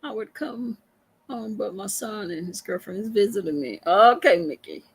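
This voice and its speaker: A woman's voice: medium pitch, animated, moderate pace, husky, poor audio. A woman from Texas with a Texan accent, hosting a casual livestream, chatting with viewers, laughing often and stammering on repeated words. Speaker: livestream host. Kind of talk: casual livestream chat reading comments.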